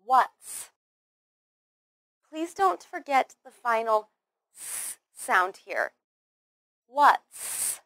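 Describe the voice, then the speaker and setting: A woman teaching English pronunciation in a slow scripted lesson, carefully over-articulating words, drilling them in repetitions and praising the learner. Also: a little high, sing-song, sharp tone, no room sound.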